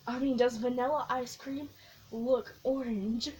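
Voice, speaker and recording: A young woman vlogging, telling a long, excitable story in a casual, rambling way with lots of giggles. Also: on the high side, a little slow, poor audio. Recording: faint background noise.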